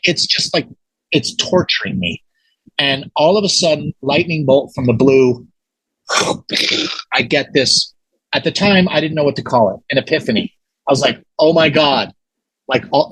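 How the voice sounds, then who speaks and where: A man telling a story as a guest in a casual interview, animated and excitable, with many restarts. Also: medium pitch, slightly rough, no echo, rough recording.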